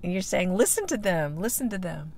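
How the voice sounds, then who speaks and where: A woman's voice: lowish voice, big pitch swings, a little fast, vocal fry, a little mellow, slight background noise. A woman co-hosting a casual faith chat, talking in a reflective, earnest way with some restarts. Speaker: podcast co-host.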